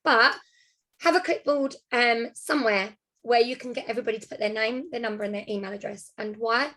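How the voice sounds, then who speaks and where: A woman's voice: a little high, fairly bright tone. A woman casually sharing practical party-hosting tips on a group call, friendly and a little rambling. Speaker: direct sales consultant sharing tips.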